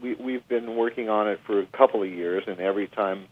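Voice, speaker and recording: A middle-aged man, a guest musician, telling a story in a casual interview, animated and full of restarts and asides. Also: lowish voice, fairly quick. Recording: dry tinny phone line.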